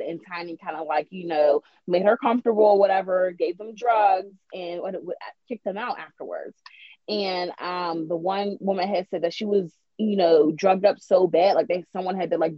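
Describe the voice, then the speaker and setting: A woman's voice: lowish voice, moderate pace. A woman co-hosting a podcast, retelling gossip in a rambling way with many fillers. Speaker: podcast co-host. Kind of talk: casual gossip chat. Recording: slightly dull lo-fi sound.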